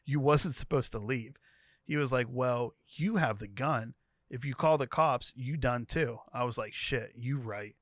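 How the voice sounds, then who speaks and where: A man's voice: medium pitch, a little slow, no echo, studio quality. A podcast co-host reading a wild tweet thread aloud, laughing as he goes and giving each character's lines a voice. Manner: animated storytelling, laughing between lines.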